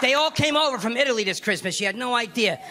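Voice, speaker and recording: A man's voice: extremely high pitch, quick pace. A man doing a stand-up comedy set, telling stories and acting out characters. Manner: animated storytelling, acts out characters. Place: comedy club stage. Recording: live club recording with crowd noise. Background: laughing audience.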